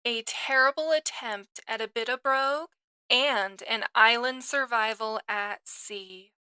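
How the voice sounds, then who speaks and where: A woman's voice: a little high, measured pace, bright, forceful tone, clear, resonant tone, dry recording, poor audio. A woman hosting a literary podcast, talking in an enthusiastic, self-deprecating way. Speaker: podcast host. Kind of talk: chatty podcast monologue.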